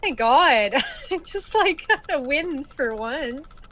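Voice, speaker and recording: Lively, high-voiced woman at a game table. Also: slow pace. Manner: laughs often, wry. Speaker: player. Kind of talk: casual tabletop game chat.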